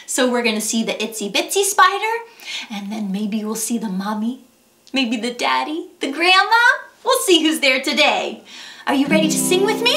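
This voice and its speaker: A woman's voice: sits high, very animated, unhurried, bright, forceful tone, echoey room. A woman teaching a children's music lesson, cheerful and coaxing, talking straight to young kids. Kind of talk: kids' sing-along lesson.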